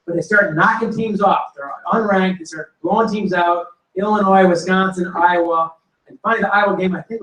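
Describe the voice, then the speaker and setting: A man telling animated football stories to an audience and acting out quotes and punchlines. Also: high voice. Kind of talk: storytelling to a live audience. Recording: roomy hall recording from a distance.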